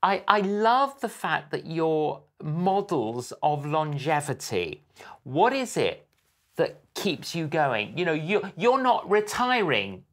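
A man in his sixties hosting an interview, speaking in a measured, halting way with frequent pauses and fillers. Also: fairly high pitch, sing-song, fairly bright tone. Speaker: host, evangelist. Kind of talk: interview conversation.

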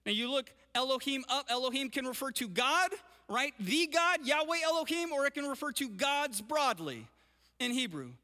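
A male pastor preaching a sermon and reading scripture, energetic and often checking in with his listeners. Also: very high-pitched, normal speed. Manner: energetic, keeps checking in with "right?". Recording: long reverb of a large hall.

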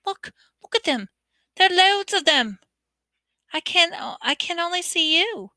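A blunt, eager boy wizard speaks in a raised, excitable voice, as a woman reading the book puts him on. The tone is bright and high. The sound is dry and close. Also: unhurried, no echo, exaggerated voice. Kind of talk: amateur audiobook reading.

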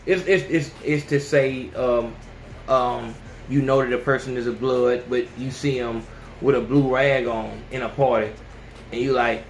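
A man hosting a podcast, ranting casually and with plenty of profanity, who often jumps into high yelling voices to mimic people. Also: fairly even intonation, measured pace, roomy sound, faint music behind. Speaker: podcast host. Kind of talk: casual opinion rant.

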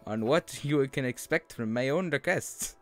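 A man's voice: mid-range voice, soft background music, natural voice. Man doing a pompous mock-Russian scientist. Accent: attempted Russian. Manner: slow, stately, theatrical and vampire-like. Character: pompous male slime scientist, formal and grand.

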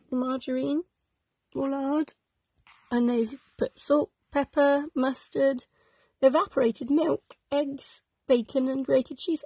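A woman talks children through an old cookbook in a cosy, sing-song read-aloud voice, slightly high-pitched. She sounds sleepy and keeps yawning between recipes. The recording is close and dry with no room echo. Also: a little mellow, slightly rough. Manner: cosy, chatty and sing-song, stretching out dish names. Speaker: host reading a vintage cookbook to children.

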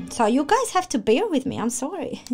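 Excitable woman yelling at a game. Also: high-pitched, moderate pace. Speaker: gaming streamer. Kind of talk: let's play reaction. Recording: loud game music behind.

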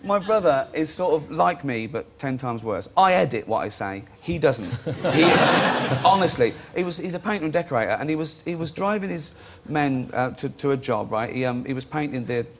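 A man's voice: fairly high pitch, expressive, moderate pace, hardly any pauses, very noisy. An older man, a comedian guest rambling through funny family stories with laughter on a chat show. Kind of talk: comic anecdote on a chat show.

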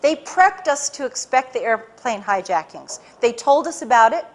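High-voiced animated woman giving a talk. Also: moderate pace. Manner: animated storyteller, acts out quoted voices, many restarts. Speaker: public speaker. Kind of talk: animated lecture to a live audience.

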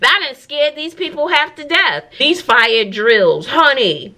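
A woman teacher with a Southern US accent, chatting in a casual vlog from her classroom, animated, with folksy asides. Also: high-pitched, measured pace. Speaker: teacher and vlogger. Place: classroom at school.

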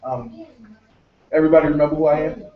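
A man's voice: on the high side, fairly even intonation, quick pace. A man who is a pastor and conference host, leading prayer and calling out to the crowd as he introduces a guest speaker in a conference room turned sanctuary. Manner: rallying, calls out to the crowd. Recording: echoey, distant, dull room sound.

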